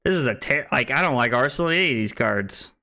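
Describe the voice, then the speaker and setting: A man's voice: medium pitch, fast talker. A man streaming a card game, chatting casually with his chat and thinking aloud about his plays. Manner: chatty, thinks aloud, excitable when winning. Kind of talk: casual gameplay commentary to chat.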